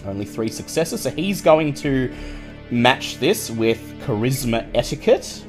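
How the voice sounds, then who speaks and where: A man's voice: medium pitch, big pitch swings, unhurried, faint music behind. A man running a tabletop game, explaining rules and narrating the action vividly. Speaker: game master.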